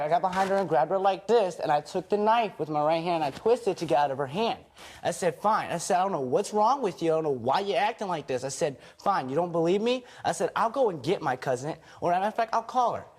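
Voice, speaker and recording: A man's voice: high-pitched, lively intonation, a little fast. A man giving testimony in a TV courtroom, retelling a fight at length and acting out the lines he quotes. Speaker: husband in a TV court case.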